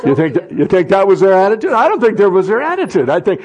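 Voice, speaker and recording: A middle-aged man preaching a sermon as pastor, talking conversationally and then rising to loud impassioned cries. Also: high-pitched, very animated, quick pace, hardly any pauses.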